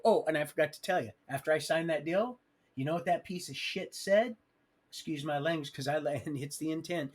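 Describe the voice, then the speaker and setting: Guy rambling thru his life story on stream, kinda husky gravelly voice, gets loud then goes quiet doing everybody's lines. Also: on the high side. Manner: animated, swings loud and quiet, acts out quotes. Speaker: livestream storyteller. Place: home livestream setup.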